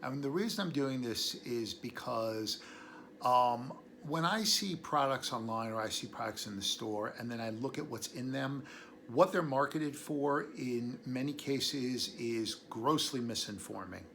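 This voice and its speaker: A man's voice: medium pitch, measured pace, gravelly, a bit bright, a little hiss or hum. A man hosting a casual educational talk on herbal medicine, rambling into tangents and chuckling between thoughts. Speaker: herbalist host.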